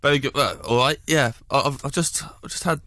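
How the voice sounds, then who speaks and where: A man's voice: medium pitch, a little fast, sharp tone, no echo. Man, comedy guest, rambling, self-correcting, dry studio sound. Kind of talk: casual radio banter. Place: radio studio.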